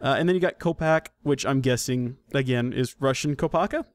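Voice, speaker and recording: A man's voice: medium pitch, fairly quick. A man hosting a casual solo podcast, rambling, self-correcting and joking as he goes. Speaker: podcast host.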